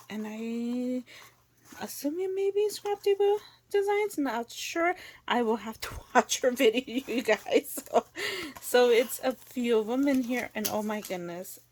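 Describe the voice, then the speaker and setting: On her crafting channel, a woman opens craft mail indoors in a casual unboxing chat, gushing over every item, exclaiming often and talking to viewers. Her voice is a little high with a darkish tone and a measured pace, with slight background noise.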